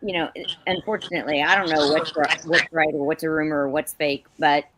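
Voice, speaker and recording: A woman's voice: low-pitched, steady tone, brisk, very noisy. A woman on a casual online panel, speaking hesitantly with fillers and self-corrections.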